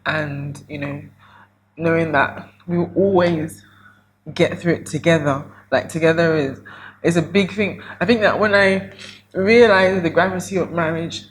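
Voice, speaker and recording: Earnest young woman, low voice, faint hiss. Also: a little slow, rough recording. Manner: earnest, reflective. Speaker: podcast co-host. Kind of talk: casual couple chat.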